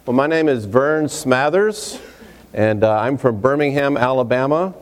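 A man from Texas introducing himself to a congregation as a visiting preacher, relaxed and chatty with many fillers and asides. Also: mid-range voice, a little slow. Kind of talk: sermon introduction, casual and folksy. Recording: reverberant hall.

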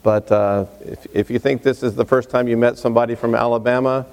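A man from Texas introducing himself to a congregation as a visiting preacher, relaxed and chatty with many fillers and asides. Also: medium pitch, fairly quick, smooth. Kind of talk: sermon introduction, casual and folksy. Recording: reverberant hall.

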